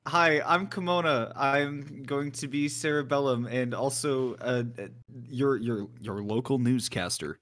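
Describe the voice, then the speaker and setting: A man's voice: medium pitch, measured pace, fairly bright tone. A man introducing his roles at a casual script reading, stumbling over his words. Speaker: cast member at a script reading. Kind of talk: casual chat.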